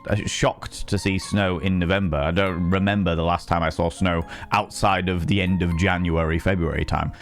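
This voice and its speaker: Chatty, playful man streaming. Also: fairly low pitch. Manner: chatty and playful, teasing greetings to chat. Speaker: game streamer. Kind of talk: casual live-stream chat.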